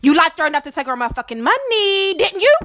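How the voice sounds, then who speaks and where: A woman's voice: sits high, sing-song, quick pace, sharp tone. A woman podcast host in a heated, profane monologue, tagging her points with "okay?". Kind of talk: ranting monologue to camera.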